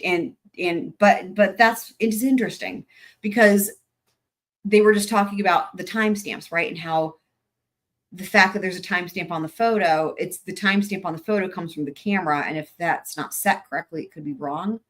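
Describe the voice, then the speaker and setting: Woman, lower voice, casual commentator, thinks aloud with ums and restarts, wry sarcastic asides. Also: moderate pace, fairly bright tone. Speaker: true-crime commentator. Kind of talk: casual commentary while reading case documents.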